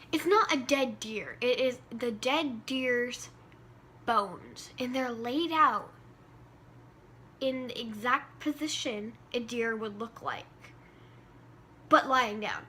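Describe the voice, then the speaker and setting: A woman vlogger telling a story time tale with animated, dramatic delivery. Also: high-pitched.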